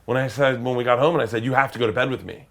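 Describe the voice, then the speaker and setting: A middle-aged comedian telling wild stories as a guest, swearing freely and acting out the other people's voices, sometimes shouting. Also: male voice, mid-range voice, steady tone, rapid-fire, noisy background. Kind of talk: animated storytelling.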